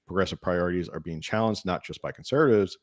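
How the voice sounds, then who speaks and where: Male talk host, low register, chatty news reader with offhand remarks, dry booth. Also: fast talker, no echo. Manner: conversational, reads articles with asides and filler hums. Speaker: podcast host. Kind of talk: casual political talk show, reading news aloud.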